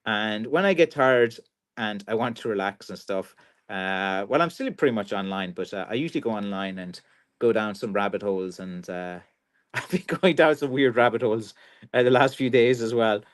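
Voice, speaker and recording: A man's voice: lowish voice, moderate pace. Kerry irish guy chatting on his livestream, easygoing, lots of uhs and restarts. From Ireland. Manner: rambling, relaxed, many fillers and restarts. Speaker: craftsman hosting a live stream. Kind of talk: casual live-stream chat reading comments.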